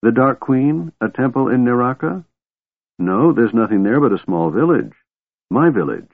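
A man's voice: medium pitch, sing-song, normal speed, dry recording, voice pushed up. A man doing a mumbling, sullen, childlike old man. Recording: tinny phone-like sound.

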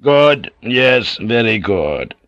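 A man voicing a calm, commanding older warlord who speaks in terse, measured orders. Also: mid-range voice, no echo, dull audio, exaggerated voice.

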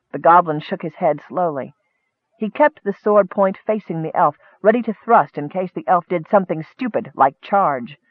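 A man narrating a fantasy story in a steady, measured audiobook reading. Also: on the high side, dry recording, narrow, tinny audio.

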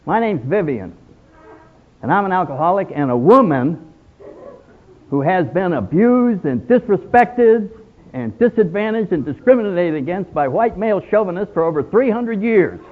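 A man's voice: high voice, animated, moderate pace, pitched above the performer's own voice. A man voicing an indignant woman who lists her grievances. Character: aggrieved woman newcomer, indignant. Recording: tinny phone-like sound.

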